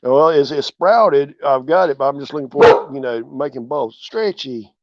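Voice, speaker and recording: A man, relaxed and chatty, hosting a casual livestream from his porch and greeting viewers by name. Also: mid-range voice, moderate pace, slight background noise. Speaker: channel host. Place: outdoors on a porch. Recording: dull, dry lo-fi sound.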